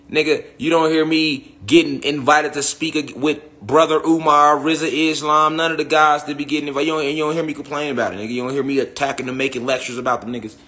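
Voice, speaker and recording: A young man ranting to his followers with heated, profane energy, circling back to the same points and asking "you hear me?" again and again. His voice sits a little high and sounds bright and forward. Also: fairly even intonation, fast. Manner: heated, repetitive, profane, with rhetorical tag questions. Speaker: online spiritual commentator. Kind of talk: profane monologue rant.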